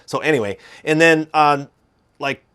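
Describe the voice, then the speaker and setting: A man's voice: fairly high pitch, a little slow, a bit bright, clear, resonant tone. A man with a Midwestern accent talking casually about gear, rambling with fillers and restarts. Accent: Midwestern American. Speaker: guitar video host. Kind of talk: casual explanatory talk.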